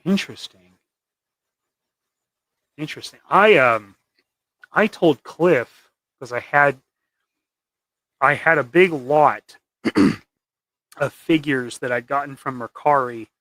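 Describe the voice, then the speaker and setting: A man's voice: mid-range voice, slow pace, long pauses, bright, forceful tone, no room sound. A man hosting a casual livestream while he paints custom action figures, rambling and trailing off into mumbles.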